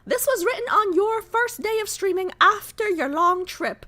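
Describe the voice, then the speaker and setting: A woman's voice: very high voice, animated, drawn-out words, pushed and bright, pitched above the performer's own voice, exaggerated voice. A woman reading a fan letter aloud in a silly put-on accent, playing a gushing fan. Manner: exaggerated put-on accent, sing-song.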